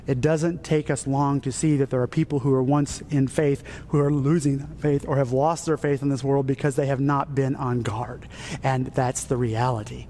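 A male pastor delivering a sermon, rising to soaring high phrases and dropping to hushed near-whispers. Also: fairly even intonation, moderate pace, a little hiss or hum.

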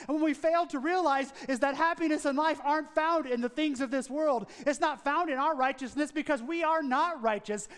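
A man's voice: very high voice, big-room sound. A man preaching a sermon, telling a story and driving points home by repeating key phrases. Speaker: pastor.

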